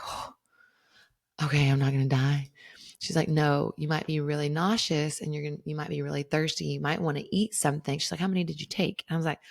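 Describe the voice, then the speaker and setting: A woman's voice: deep voice, fast, vocal fry. A woman hosting a podcast, telling a personal story in a candid, casual way, swearing freely and laughing through it. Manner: candid, swearing, laughing, animated when reliving a scare. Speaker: podcast host.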